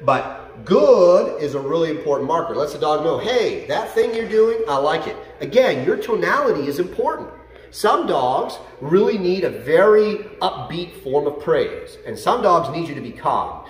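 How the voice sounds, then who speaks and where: A man working as a dog trainer explains things to a class in an animated way. He often checks in with "okay?" and "right?". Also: on the high side, moderate pace, recorded from a distance. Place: dog training facility, indoors. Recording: roomy echo, set back from the mic.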